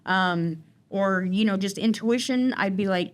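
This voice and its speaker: A woman's voice: medium pitch, normal speed. A woman recounting her personal story in an interview, talking in a rambling way with many fillers and restarts. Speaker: guest in recovery.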